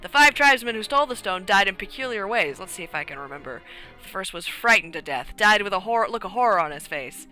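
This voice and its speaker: A woman's voice: mid-range voice, lively intonation, fast, pushed and bright, faint music behind, poor audio. A woman voicing a sheepish, easygoing male adventurer recounting a legend. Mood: storytelling.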